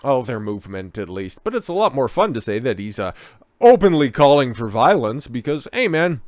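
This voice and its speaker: A man's voice: mid-range voice, very animated, normal speed, dry recording, clean studio sound. A man doing a profane, sarcastic and combative political commentary rant. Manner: mocks others in put-on whiny voices.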